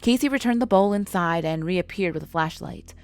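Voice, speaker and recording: A woman telling a first-person scary story in a measured, scripted narration. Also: fairly low pitch, animated, faint music behind.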